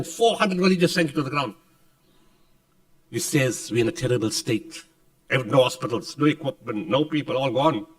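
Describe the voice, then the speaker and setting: A man's voice: a bit bright, distant mic, rough recording. Emphatic male speaker heard from afar. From South Africa. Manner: dramatic, emphatic, acts out dialogue in lower voice. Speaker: keynote speaker. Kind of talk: storytelling speech. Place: conference hall.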